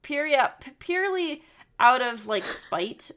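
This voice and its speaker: A woman's voice: sits high, measured pace. A woman co-hosting a casual chat, rambling and swearing as she tells stories. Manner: rambling, profane, animated storytelling.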